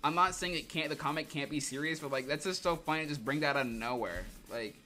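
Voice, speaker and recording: A man's voice: fairly high pitch, fast, pushed and bright, soft background music. A young man casually reading comics on a livestream, rambling and joking with plenty of laughter.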